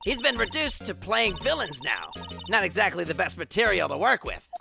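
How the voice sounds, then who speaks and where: A man's voice: high-pitched, big pitch swings, moderate pace, vocal fry, music in the background, pitched above the performer's own voice, full character voice. A man voicing a bossy, fussy old woman who works as a studio security guard, scolding and rambling.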